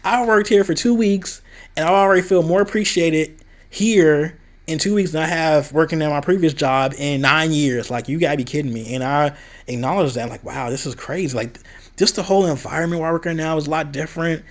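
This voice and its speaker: A slightly high, slightly fast voice belongs to a young man from the American Midwest who vents about a past job in a casual vlog. He is candid throughout and raises his voice to quote other people.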